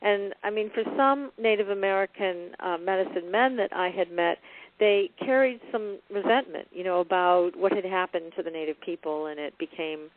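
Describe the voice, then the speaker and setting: A woman's voice: mid-range voice, normal speed, slight background noise. Co-host woman on a thin phone line. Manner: affirming, chatty, follows up on the guest. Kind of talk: conversational interview. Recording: tinny phone-line audio.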